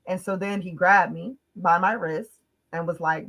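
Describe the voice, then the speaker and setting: A woman from the United States telling a personal story as a podcast guest in casual chat, emphatic and fast-flowing with lots of "like" fillers. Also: on the low side, steady tone, fairly bright tone, poor audio.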